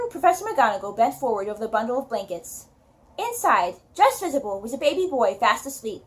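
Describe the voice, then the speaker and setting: Woman, reading a novel aloud, high voice, steady storytelling. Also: a little fast. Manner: steady storytelling, then casual sign-off with fillers. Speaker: author reading a chapter on her channel.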